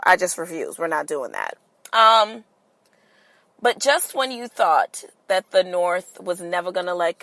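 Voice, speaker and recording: A sassy woman hosting her own podcast, speaking slowly and deliberately with a bright, forceful voice. She is candid and playfully profane as she talks straight to her listeners. Her voice sounds close and dry, with no room echo. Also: lowish voice, vocal fry. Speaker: podcast host. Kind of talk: casual solo podcast monologue.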